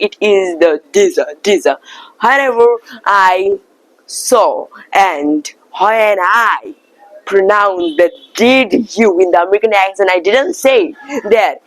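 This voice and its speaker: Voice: mid-range voice, no room sound, poor audio. Vlogger, casual teaching voice, drills words over and over. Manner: earnest, repeats words as drills. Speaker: accent-practice video maker. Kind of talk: casual tutorial with storytelling.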